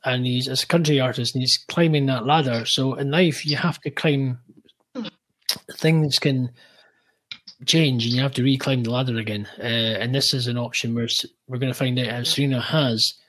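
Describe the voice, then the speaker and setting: A man hosting a podcast, speaking in a halting way and often restarting his sentences. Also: medium pitch, steady tone, fairly bright tone, poor audio. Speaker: podcast host.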